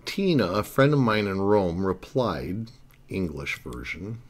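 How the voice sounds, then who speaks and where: A man's voice: low-pitched, very animated, unhurried. A man narrating a language lesson, explaining grammar earnestly and step by step. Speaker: Italian language teacher.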